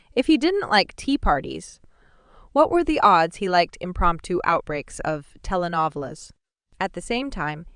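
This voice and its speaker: A woman's voice: on the low side, a bit bright, dry recording. A woman reading a first-person audiobook in a playful, wry manner, recorded on a studio mic. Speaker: audiobook narrator. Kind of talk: scripted first-person narration.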